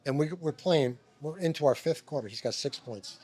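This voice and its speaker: A middle-aged man from Long Island, a former basketball player, telling animated stories as a guest, swearing and acting out quotes. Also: a little high, moderate pace. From Long Island, New York. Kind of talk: animated storytelling. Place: restaurant.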